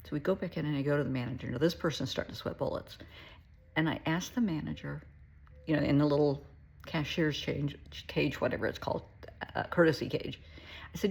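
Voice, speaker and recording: Gravelly low-voiced woman, earnest and folksy. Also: a little fast. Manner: earnest, folksy, often drops to a soft breathy near-whisper. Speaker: therapist. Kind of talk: casual heartfelt monologue.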